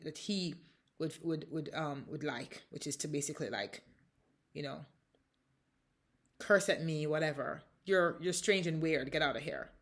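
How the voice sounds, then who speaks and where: A woman from the United States with a low voice recounts a painful dispute as a mother. Her delivery is impassioned and halting, full of restarts and repeated words. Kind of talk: emotional personal account.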